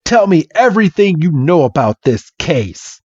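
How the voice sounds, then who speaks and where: A man playing a bold, curious boy trainer, his voice lifted a little and bright with earnest energy. It sounds dry and slightly dull. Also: on the high side, very animated, normal speed, husky, no room sound, pitched above the performer's own voice.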